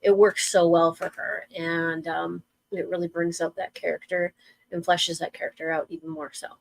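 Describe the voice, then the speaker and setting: A woman's voice: on the low side, flat delivery, moderate pace, creaky, no room sound, poor audio. A woman co-hosting a casual wrestling talk show, talking with gushing enthusiasm. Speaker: podcast co-host.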